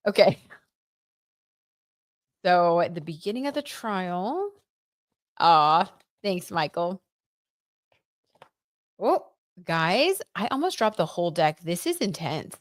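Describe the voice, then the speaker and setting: A woman reading tarot cards on a live stream in a chatty, excitable way, full of "like"s and little gasps. Her voice sits a touch low. The sound is close and dry, with no room around it. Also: takes it slowly, long pauses, no echo. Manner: chatty and excitable, reads viewer comments aloud, gasps and many "like"s.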